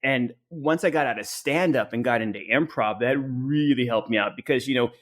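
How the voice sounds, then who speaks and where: A man's voice: medium pitch, fairly quick, a bit bright. A man, a teacher and improv comedian, co-hosting a podcast in casual chat and telling self-deprecating stories. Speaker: podcast co-host.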